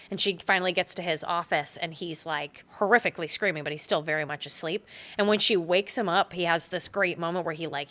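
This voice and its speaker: A woman's voice: lowish voice, pushed and bright. A woman co-hosting a podcast, retelling a film scene in a chatty, casual way and acting out the characters' lines. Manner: chatty, full of "like" fillers, acts out quotes. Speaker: podcast co-host.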